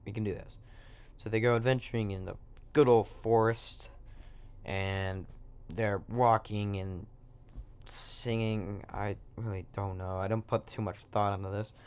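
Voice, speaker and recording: A man's voice: lowish voice, steady tone, a little slow, a little mellow, smooth. A man improvising a silly story in an offhand, joking way, breaking off into asides.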